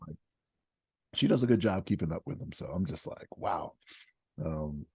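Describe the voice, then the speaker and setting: A male podcast co-host in lively casual chat, often checking in with his listener. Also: deep voice, normal speed, husky, no room sound. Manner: lively, emphatic, keeps checking in with "you know what I mean".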